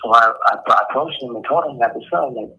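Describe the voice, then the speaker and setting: A man in an interview clip, recounting a fight in a halting way and laughing nervously mid-sentence. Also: mid-range voice, sharp tone, low-quality recording.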